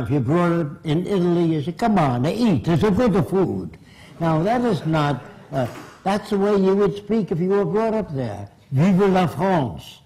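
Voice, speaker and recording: A man lecturing an audience with a mellow, darker tone. He speaks bluntly and emphatically, driving each point home. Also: mid-range voice, poor audio. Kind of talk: public lecture.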